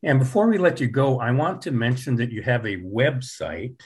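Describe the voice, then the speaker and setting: A man's voice: mid-range voice, expressive, moderate pace, few pauses. A man hosting an interview program, casual and friendly. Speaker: radio host. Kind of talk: interview chat.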